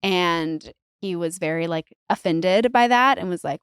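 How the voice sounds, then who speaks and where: A woman telling a wedding story in casual chat, animated and swearing freely. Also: lowish voice, moderate pace, hardly any pauses, clean tone, dry recording, studio quality. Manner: animated, swearing, acts out quoted voices. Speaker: podcast guest, bride telling her wedding story.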